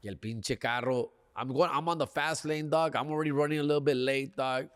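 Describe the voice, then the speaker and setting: A man's voice: mid-range voice, fairly quick, clean tone, in a large hall. Slangy Los Angeles man telling a story. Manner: slangy, animated, peppers lines with "fool" and "dog". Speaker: comedian and podcast host. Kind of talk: casual storytelling.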